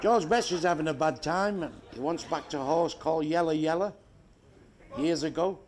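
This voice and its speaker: A man's voice: fairly high pitch, normal speed. A man telling crude, profane jokes in a stand-up comedy routine, delivering blunt punchlines on a club stage. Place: club stage before a laughing audience. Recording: noisy live show recording.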